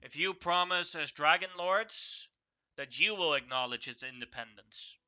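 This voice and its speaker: A man voicing a proud king of an island of exiles who negotiates firmly, halting on fillers. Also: fairly high pitch, bright, forceful tone. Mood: negotiating. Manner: bargaining firmly with hesitant fillers.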